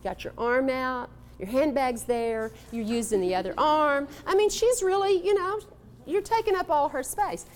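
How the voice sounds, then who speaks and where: A woman from Texas giving a live motivational talk to an audience, animated and coaxing, calling on people in the room. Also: sits high, moderate pace, a little hiss or hum. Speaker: motivational speaker.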